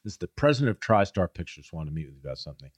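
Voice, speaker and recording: Low-voiced man telling stories. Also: big pitch swings, racing, dry recording. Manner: storytelling, acts out quoted people in a raised voice. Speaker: guest. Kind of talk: casual conversation.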